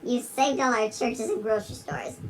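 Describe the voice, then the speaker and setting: A mid-range, steady, lightly acted voice at normal speed plays a giggly big-lipped alligator. In a storytelling mood, the performer reads a rhyming storybook dramatically and keeps breaking into giggles, on a rough recording.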